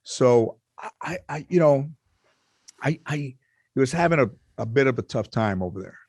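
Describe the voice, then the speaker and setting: A man's voice: mid-range voice, normal speed, no echo. A middle-aged man spins a story in a loose podcast chat, acting out every quote and cursing freely. His voice sits mid-range and the sound is dry and close. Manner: animated storyteller, acts out quotes, swears freely. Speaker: comedian guest.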